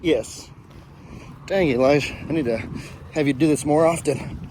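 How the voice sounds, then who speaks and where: A man's voice: a little high, moderate pace, background noise. A man with a Texan accent, chatting casually on his farm vlog in an easygoing, rambling, folksy way. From Texas. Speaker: farm vlogger.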